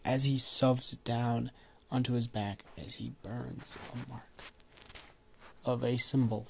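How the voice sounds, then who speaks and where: Slow gravelly man with a cold. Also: medium pitch, fairly even intonation. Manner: rambling, loose, with fillers and swearing. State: has a cold, coughing. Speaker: storyteller. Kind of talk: improvised spoken storytelling.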